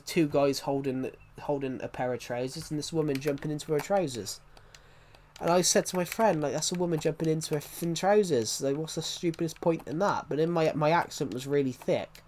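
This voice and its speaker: A man's voice: fairly high pitch, a little mellow, slight background noise. A young man with a blocked nose, chatting casually on a live stream, rambling, restarting his sentences and swearing.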